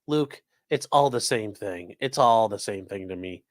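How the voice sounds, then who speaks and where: A man's voice: lowish voice, animated, measured pace. A man hosting a casual live stream, reacting to news clips with sarcastic, rambling remarks and reading viewer chat aloud.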